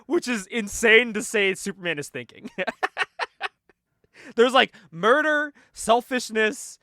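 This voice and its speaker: Lively, laughing man recapping a comic. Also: high voice, slow, pauses often, dry recording, studio quality. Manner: animated, laughs often, acts out the characters' lines. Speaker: podcast co-host. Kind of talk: casual comic book recap.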